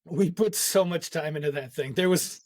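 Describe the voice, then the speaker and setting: Higher-voiced man, dry close sound. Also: normal speed, no echo. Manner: laughs often, reminiscing with an old friend. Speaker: podcast host. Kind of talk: casual conversational interview.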